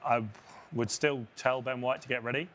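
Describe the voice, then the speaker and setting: A man co-hosting a football watchalong, calmly explaining tactics and substitutions in casual talk. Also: medium pitch, moderate pace, slight background noise. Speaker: watchalong co-host, tactics pundit.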